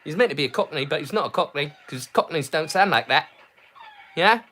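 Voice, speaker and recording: A man's voice: a little high, brisk, slight background noise. A man hosting a casual livestream, talking in hesitant bursts full of fillers and restarts, with a mild stammer he keeps hidden. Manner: excitable, animated bursts. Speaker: livestream host.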